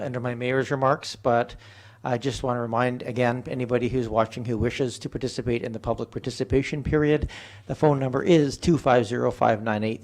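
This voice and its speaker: A man chairing a council meeting as its mayor. His pitch sits in the middle range for a man. He talks in a measured, procedural way with small hesitations, recorded in a council chamber. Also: darkish tone.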